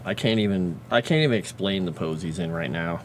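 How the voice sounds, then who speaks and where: A man's voice: low-pitched, fairly quick, slight background noise. A man chatting casually on a livestream, talking fondly to his pet and his viewers. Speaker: livestreamer and fantasy lore writer.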